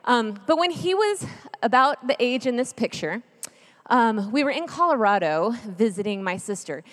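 A woman's voice: fairly high pitch, moderate pace. A woman in her thirties telling a family story as part of a sermon, chatty and jokey, turning earnest. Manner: lively, chatty, jokey, then earnest and hushed. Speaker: speaker at a church gathering. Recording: long reverb of a large hall.

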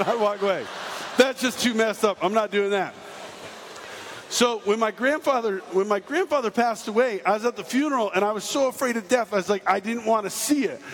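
A middle-aged man giving a comedic sermon, telling stories and acting out voices with lots of energy. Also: high voice. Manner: animated, acts out voices and jokes. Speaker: preacher. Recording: hall reverb, faint noise.

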